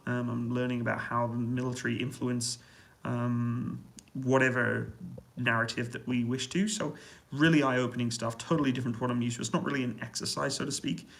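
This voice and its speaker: A man's voice: medium pitch, gravelly, fairly bright tone, low-quality recording. A man hosting a casual livestream from a hotel room, reading out viewer questions and answering them with frequent chuckles. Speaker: livestream host answering chat.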